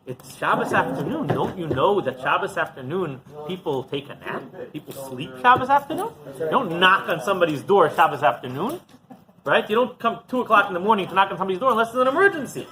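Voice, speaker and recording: A man's voice: sits high, fast talker, crowd noise, low-quality recording. A man, a rabbi, giving a Torah class and telling stories, often asking the audience rhetorical questions. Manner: animated storyteller, asks the audience rhetorical questions.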